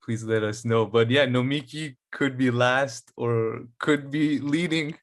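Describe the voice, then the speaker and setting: A man co-hosting a casual podcast chat in a relaxed, chuckling way. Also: mid-range voice, measured pace, no echo, studio quality. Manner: relaxed, chuckling, reads tweets aloud. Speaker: co-host.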